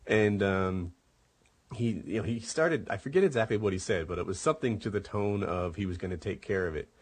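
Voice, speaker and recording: Host type: middle-aged man, very low husky voice, loose rambling storyteller. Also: brisk. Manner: rambling, many fillers, acts out quotes. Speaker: podcast host. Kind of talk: casual storytelling chat.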